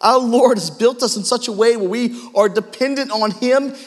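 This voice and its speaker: Male pastor, sermon, self-deprecating storyteller, bright high voice, long hall reverb. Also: normal speed.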